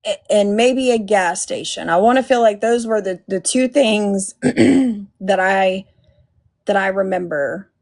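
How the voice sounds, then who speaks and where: A woman's voice: mid-range voice, measured pace, vocal fry, darkish tone. A woman hosting a casual live commentary stream, blunt and profane, thanking viewers by name. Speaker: livestream host.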